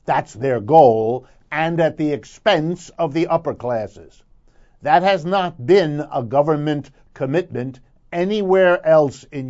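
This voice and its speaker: Male commentator with a slightly high voice, emphatic and lecturing, on muffled lo-fi audio. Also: warm tone. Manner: emphatic, lecturing, building points through repetition. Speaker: economic commentator. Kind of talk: radio commentary segment.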